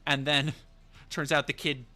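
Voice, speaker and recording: A man's voice: a little high, flat delivery, unhurried, pushed and bright. A man streaming live, telling a rambling, profane story in casual chat with many fillers and restarts.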